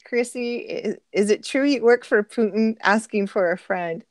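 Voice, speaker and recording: A woman's voice: mid-range voice, normal speed, hardly any pauses, no room sound. A middle-aged woman co-hosting a casual live stream, reading viewer comments aloud, answering them and laughing often. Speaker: livestream co-host reading chat.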